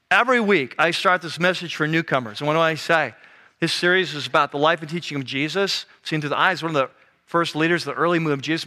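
A man preaching a sermon as a pastor, telling the story in a casual, animated way that drops to a hush for the serious moments. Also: a little high. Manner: conversational, animated storytelling with sudden hushed drops.

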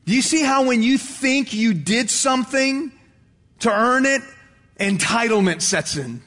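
Man, pastor, sermon, high pitch, storytelling with put-on voices, long hall echo. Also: animated, measured pace, a bit bright. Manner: storytelling with acted-out voices, conversational asides.

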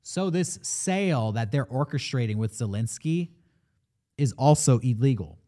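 A man's voice: medium pitch, a little slow. A man talking casually on a movie podcast, eagerly retelling a plot and quoting the characters. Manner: animated, retells plot with quoted voices. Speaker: podcast co-host.

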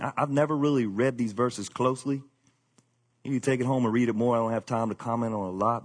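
A man preaching a sermon in a lively, colloquial way. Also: on the high side, husky, long reverb tail. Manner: animated preaching with colloquial asides. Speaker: pastor.

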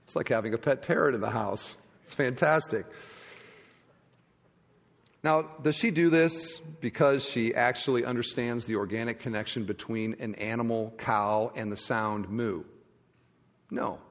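A man's voice: unhurried, creaky. Preaching man in a reverberant church hall. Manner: emphatic preaching, from loud rises to hushed low endings. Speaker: pastor. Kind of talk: sermon.

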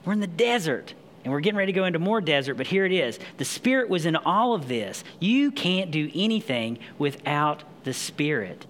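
A man's voice: a little high, sing-song, brisk, hardly any pauses, fairly bright tone, a little hiss or hum. A man preaching, reading scripture aloud and then explaining it in a conversational, emphatic way. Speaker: pastor. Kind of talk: sermon.

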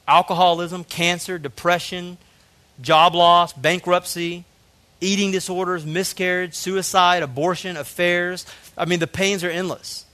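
A man's voice: on the high side, a bit bright. Earnest man preaching with a lighter voice. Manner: earnest, emotional storytelling with frequent "man". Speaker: pastor. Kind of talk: sermon.

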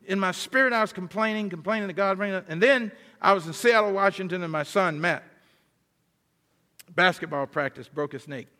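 A man giving a sermon as a guest preacher, emphatic and building toward near-shouts, often repeating words as he goes. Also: high voice, moderate pace. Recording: long hall reverb.

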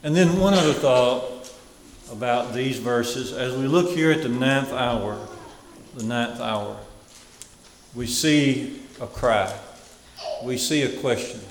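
A man preaching a Sunday sermon, earnest and measured, with weighty pauses. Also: medium pitch, slight background noise. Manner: slow, earnest, emphatic pauses. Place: church sanctuary. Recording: echoey hall with faint ambience.

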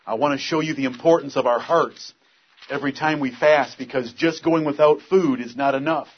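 A man's voice: mid-range voice, moderate pace, husky, dull audio. A man preaching a sermon, earnest, reading scripture aloud and pressing the point with force.

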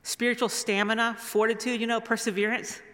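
A woman speaks as a guest preacher in a church hall, her voice bright and forceful. She tells her stories in a loose, rambling way, circling back with restarts and asides. A long reverb trails each phrase. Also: fairly high pitch, flat delivery, brisk. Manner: rambling, warm storytelling with restarts. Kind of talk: storytelling sermon.

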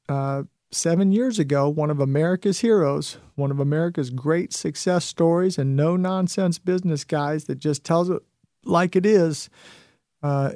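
A man's voice: a little high, dark tone, no echo, clean studio sound. A man hosting a talk radio show, telling client stories in a folksy, salesy way, full of repeats and "you know"s. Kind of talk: talk radio monologue with testimonials.

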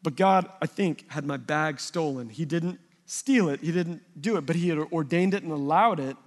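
Animated man preaching in a reverberant hall. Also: on the high side, moderate pace. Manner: animated storytelling, voicing people in his anecdotes. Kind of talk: sermon.

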